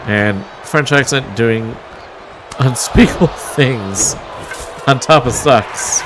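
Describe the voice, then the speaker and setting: A man's voice: mid-range voice, takes it slowly, background noise. A man calling a wrestling match play by play, with a wry, mocking manner and the odd chuckle. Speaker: wrestling commentator. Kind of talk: play-by-play commentary.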